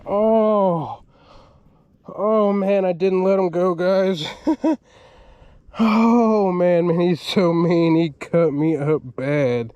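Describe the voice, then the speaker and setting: A man, excitedly narrating his own fishing vlog from a kayak on a river at night, often exclaiming and laughing. He is recorded on an action camera. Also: high-pitched, slow, smooth, no room sound, muffled recording. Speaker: fishing vlogger. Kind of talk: excited outdoor vlog commentary.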